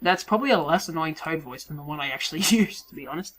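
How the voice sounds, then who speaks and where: Casual woman let's-player, animated and self-mocking, loud one moment and mumbling the next. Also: low voice, fast talker, hardly any pauses. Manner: chatty, swearing, self-mocking, swings between yelling and mumbling. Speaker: let's play commentator. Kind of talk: casual game commentary. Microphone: desk mic, moves around it while playing.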